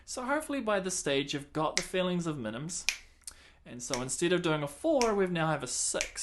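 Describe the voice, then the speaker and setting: A man's voice: a little high, big pitch swings, normal speed, background noise. A man teaching a clarinet lesson in a casual, chatty way, counting and singing the beats aloud and laughing at himself.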